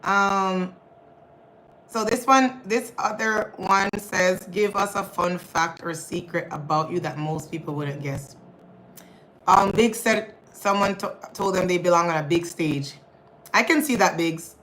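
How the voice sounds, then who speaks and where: Bright-voiced chatty woman on a livestream. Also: lowish voice, measured pace, slight background noise, rough recording. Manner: chatty, laughs often, calls audience y'all. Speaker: livestream host. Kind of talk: casual live chat reading viewer comments.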